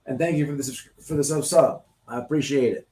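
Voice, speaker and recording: Animated man livestreaming in an echoey room. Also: mid-range voice, fast, recorded from a distance. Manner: animated, repetitive, acts out scenes. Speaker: livestream host. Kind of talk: casual live-stream talk. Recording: roomy, off-mic sound.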